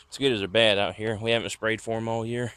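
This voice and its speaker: A man's voice: fairly low pitch, little pitch movement, fast, fairly bright tone, clean tone. A man casually showing viewers around his rural property at night in an easygoing, rambling vlog, recorded outdoors on a handheld camera. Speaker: vlogger. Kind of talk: casual walking tour vlog.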